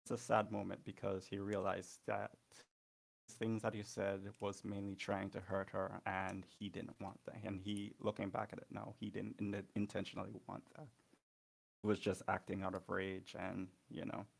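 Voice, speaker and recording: Gravelly-voiced man narrating his character. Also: low-pitched, completely flat delivery, normal speed. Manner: loose and hesitant, many fillers. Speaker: player.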